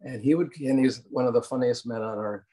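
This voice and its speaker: A man's voice: medium pitch, steady tone, brisk, warm tone. An older man telling casual anecdotes in an interview, rambling with fillers and acting out quotes along the way. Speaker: interview guest, cartoon producer.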